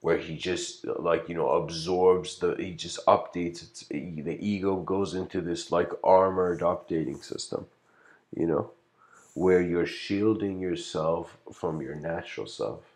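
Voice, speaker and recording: A man's voice: low voice, fairly even intonation, unhurried. A man giving a casual livestreamed lecture, rambling and reflective, full of "you know" fillers. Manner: reflective, philosophical musing.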